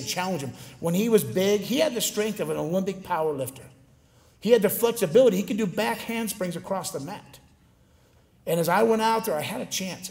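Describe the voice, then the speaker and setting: A man giving a storytelling speech to a live audience, animated and acting out the voices of people he quotes. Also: high voice. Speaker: motivational speaker. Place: large gymnasium. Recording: long hall reverb.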